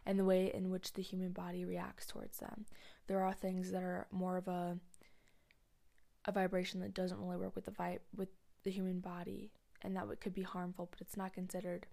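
A young woman hosting a podcast, talking in a candid confessional monologue, blunt and profane, rambling and often sinking to a soft near-whisper. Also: fairly low pitch, completely flat delivery, normal speed, gravelly. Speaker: podcast host.

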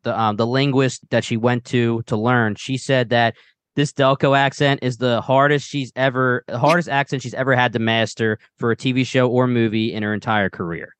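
A man with a Philadelphia accent co-hosting a podcast, telling stories in an animated, casual way. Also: medium pitch, normal speed, clear, resonant tone, no echo. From Delaware County, Pennsylvania. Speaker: podcast co-host.

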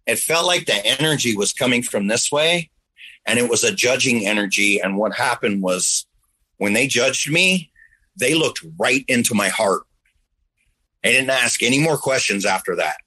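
A man's voice: mid-range voice, lively intonation, normal speed, pushed and bright, slightly rough, poor audio. A man earnestly telling a personal story in a rambling, conversational way, now and then making sound effects.

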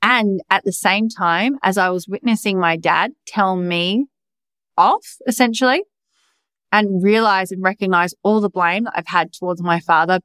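A woman's voice: mid-range voice, moderate pace, fairly bright tone, clear, resonant tone, no echo. A young adult woman hosting a podcast, talking in a raw, emphatic, confessional way and swearing freely. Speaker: podcast host. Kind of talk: candid personal monologue.

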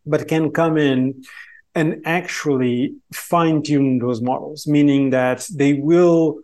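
A man's voice: a little high, fairly even intonation, slow pace, a little mellow. Man explaining carefully. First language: Portuguese. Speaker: guest expert. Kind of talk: podcast interview.

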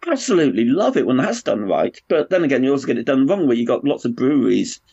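A man's voice: mid-range voice, big pitch swings, quick pace, gravelly, dark tone, slightly rough, dry recording. Man, frank rambling chat, lo-fi, dry sound. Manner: chatty, rambling, frank with swearing. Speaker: brewer and pub owner, guest. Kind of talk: casual conversation.

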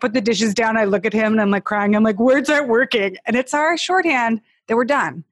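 A woman's voice: a little high, a little fast, no room sound, clean studio sound. A woman hosting a podcast, chatty and candid, telling personal stories and laughing easily. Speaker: podcast host. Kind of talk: casual podcast chat.

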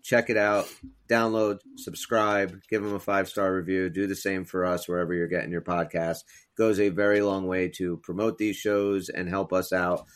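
A man's voice: low-pitched, flat delivery, normal speed, clean tone. A man hosting a casual sports podcast, easygoing and enthusiastic. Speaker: podcast host.

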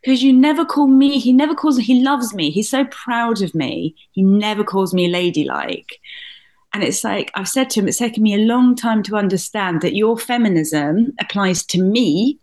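A middle-aged woman from Britain, a comedian, telling personal stories in an animated, laughing way. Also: mid-range voice, normal speed. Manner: animated, laughing, swears mildly. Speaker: guest comedian and author. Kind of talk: candid storytelling in conversation.

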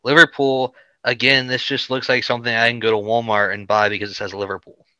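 A man with a bright, crisp, smooth voice co-hosts a casual podcast. He gives blunt opinions, often pausing on fillers. The recording is dry and close. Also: medium pitch, flat delivery, dry recording, low-quality recording. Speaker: podcast co-host. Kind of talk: casual chat.

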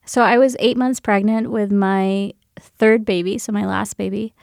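A woman's voice: medium pitch, little pitch movement, normal speed, gravelly, darkish tone, dry recording, clean studio sound. A woman and military veteran telling a personal story candidly, swearing freely and laughing as she goes.

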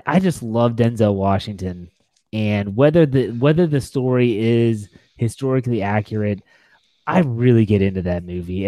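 A man's voice: on the low side, warm tone, dry recording. A young man co-hosting a podcast, rambling and enthusiastic as he talks about sports movies, often restarting his sentences. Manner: rambling, self-correcting, enthusiastic. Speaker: podcast co-host. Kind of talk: casual sports movie chat.

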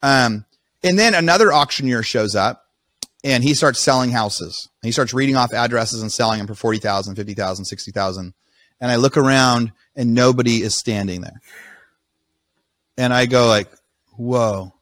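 A man hosts a podcast and tells a long personal story in a loose, rambling way, often stopping and restarting his sentences. His voice sits at an ordinary middle pitch, recorded close and dry with no room sound. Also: normal speed, fairly bright tone, no echo. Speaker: podcast host. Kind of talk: casual storytelling.

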